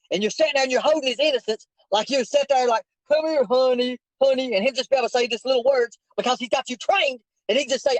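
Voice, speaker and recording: A man's voice: very high voice, no echo, poor audio. A man in a heated confrontation, insistent and preachy, repeating his questions over and over.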